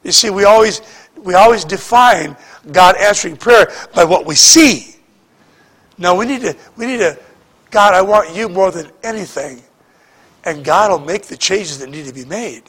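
A pastor preaching a sermon, repeating words and swinging between shouting and hushed speech. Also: male voice, sits high, expressive, moderate pace, husky.

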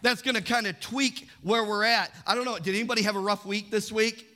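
A man preaching a sermon as pastor, reading scripture slowly and calling on the congregation to repeat after him. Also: high-pitched, steady tone, pushed and bright.

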